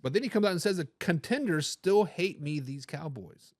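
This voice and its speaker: A man with a high-pitched voice hosts a live football talk show, talking casually and with plenty of animation. He throws in slangy catchphrases and often restarts his phrases as he reads viewers' comments aloud. The sound is dry and close, with no room echo. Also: expressive, moderate pace. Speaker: sports talk show host.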